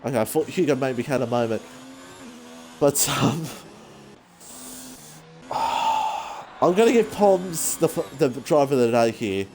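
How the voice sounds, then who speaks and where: A man giving rambling, excitable live commentary on an online racing league, saying he is out of breath. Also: mid-range voice, slow pace, long pauses, slight background noise. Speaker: race commentator.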